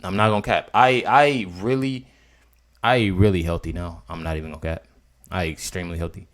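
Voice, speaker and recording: A young man, commenting casually on a video clip. He is incredulous, swinging between loud outbursts and low mutters. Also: steady tone, fairly quick.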